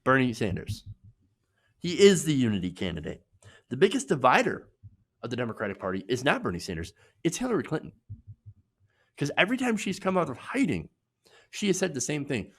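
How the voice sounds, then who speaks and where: A man's voice: medium pitch, wildly swooping pitch, brisk, long pauses. A man hosting an opinion commentary show, talking in an emphatic, sarcastic way and repeating lines for effect. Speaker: political commentary host.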